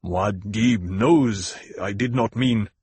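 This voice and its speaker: A man voicing a grave desert tribal leader who speaks slowly and ruefully, in a husky voice. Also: fairly low pitch, darkish tone, no echo. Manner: slow, measured, rueful. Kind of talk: audiobook character voice.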